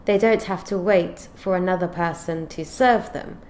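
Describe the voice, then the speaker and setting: A woman teaching an English grammar lesson, explaining clearly and reading out example sentences in a measured way. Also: on the low side, darkish tone, a little hiss or hum.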